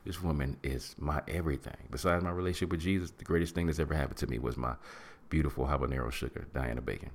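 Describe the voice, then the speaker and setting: A middle-aged man hosting a podcast, giving animated, preachy advice in casual talk and acting out what people say. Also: a bass voice, fast, vocal fry. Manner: preachy, animated, acts out quotes and hums. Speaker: podcast host.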